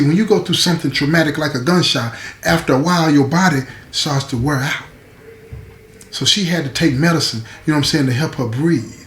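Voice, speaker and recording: Guy telling a story kinda high voice, repeats himself a lot, echoey room. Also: fairly bright tone. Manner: conversational, repeats phrases, asks listener "you understand?". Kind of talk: casual oral storytelling.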